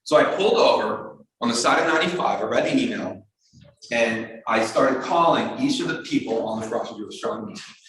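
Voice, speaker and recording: Man, lecture storytelling, mimics voices, distant, heavy hall echo. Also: a little fast. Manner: animated, acts out quoted voices in a higher pitch. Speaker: presenter at an astronomy club talk. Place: community hall talk. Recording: very echoey hall, speaker far from mic.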